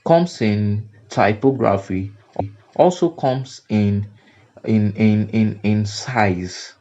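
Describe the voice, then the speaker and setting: A man's voice: on the low side, extremely slow, dark tone, dull audio. A man with a Nigerian English accent teaching graphic design over a screen recording, repeating and restarting phrases for emphasis. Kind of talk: screen-recorded software tutorial.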